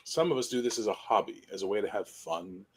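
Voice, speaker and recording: A man's voice: lowish voice, animated, quick pace, a little mellow, slightly rough. Blunt, wry older man on a panel. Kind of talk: casual panel chat.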